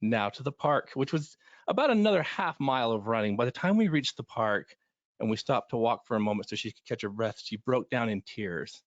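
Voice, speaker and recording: A man's voice: mid-range voice, expressive, brisk, dry recording. Earnest middle-aged guy coach rambling through stories, dry sound, kinda dull lo-fi audio. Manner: earnest, rambling with many restarts. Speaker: recovery running coach. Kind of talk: panel discussion storytelling.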